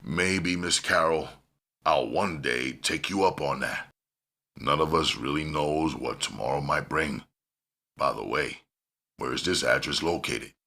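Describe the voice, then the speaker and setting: A man's voice: very deep voice, a little slow, gravelly, sharp tone, exaggerated voice. A man voicing a hard, commanding gang leader in an audiobook, barking blunt, profane orders. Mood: guarded. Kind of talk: audiobook character voice.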